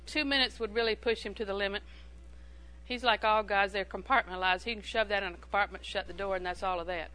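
A woman's voice: medium pitch, steady tone, quick pace, sharp tone, poor audio. A woman preaching a sermon in a humorous, conversational way, repeating phrases for emphasis.

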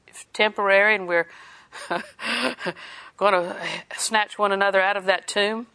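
A woman's voice: mid-range voice, fairly even intonation, moderate pace, fairly bright tone, clean tone. A woman preaching a sermon, reading scripture in a conversational way and laughing often.

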